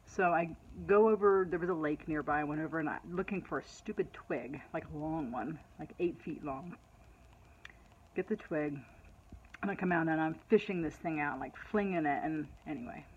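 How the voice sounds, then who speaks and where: A middle-aged woman talks straight to her followers in a chatty, animated way. She tells a personal story as she would to friends. The recording is dull and lo-fi. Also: deep voice, normal speed, a little hiss or hum. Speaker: vlogger. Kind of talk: casual personal storytelling to camera.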